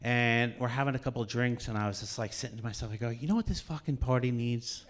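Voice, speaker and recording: A man's voice: medium pitch, brisk. A man telling a rambling, profane comic story live on stage, laughing as he goes. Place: on stage at a cultural center.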